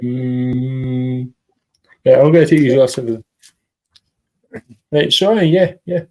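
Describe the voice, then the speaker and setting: A man with a Scottish accent chatting casually on a live stream call, animated and repeating himself. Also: mid-range voice, takes it slowly. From Scotland.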